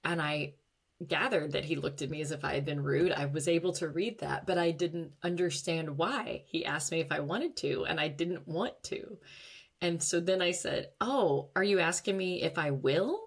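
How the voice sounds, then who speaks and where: A woman's voice: low voice, fairly even intonation, normal speed, creaky, husky. A woman hosting a podcast, talking candidly and reflectively about her own life and sometimes laughing at herself. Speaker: podcast host. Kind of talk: personal monologue podcast.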